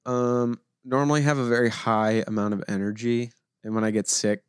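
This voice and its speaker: A man's voice: medium pitch, flat delivery, brisk, smooth, no room sound. Man with a cold, dry wisecracks. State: recovering from a cold. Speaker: podcast co-host.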